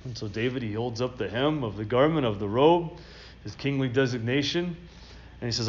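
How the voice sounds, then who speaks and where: A man's voice: medium pitch, moderate pace, muffled recording. A man preaching a sermon, explaining a Bible passage and reading scripture aloud with rising emphasis. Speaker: pastor. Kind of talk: expository sermon.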